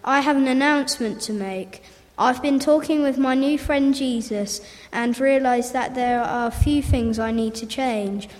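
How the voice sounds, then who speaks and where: A woman voicing a small male tax collector who loudly admits cheating people and apologizes, in a storybook reading. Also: high-pitched, measured pace. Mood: contrite. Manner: loud, apologetic announcing. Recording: roomy hall reverb.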